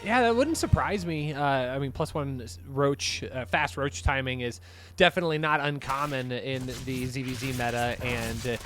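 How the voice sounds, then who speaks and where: A young man from the upper Midwest of the United States, casting an esports match with easygoing, joking chat that lifts with excitement on big plays. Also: mid-range voice, moderate pace, faint music behind. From upper Midwest, USA. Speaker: esports caster. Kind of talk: game commentary with casual chat.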